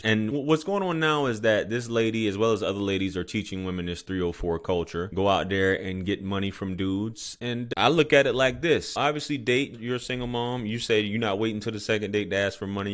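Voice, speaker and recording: Blunt, mocking male commentator. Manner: candid, mocking, lively swings in pitch. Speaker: commentator reacting to clips.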